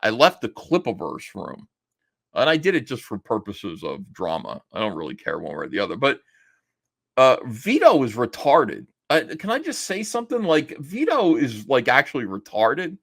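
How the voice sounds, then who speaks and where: A man's voice: mid-range voice, wildly swooping pitch, normal speed, gravelly. Man ranting profanely on stream. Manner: rambling, profane, mocking; mimics others in raised voice when quoting. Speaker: streamer host. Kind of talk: casual rant to stream chat.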